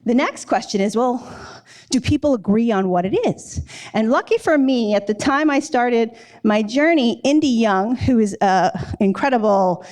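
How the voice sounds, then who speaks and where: A woman's voice: a little high, moderate pace. Chatty woman telling a story. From New York. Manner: lively, chatty, acts out dialogue with "I'm like". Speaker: company CEO giving a talk. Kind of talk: conversational storytelling talk. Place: live event in a loft space.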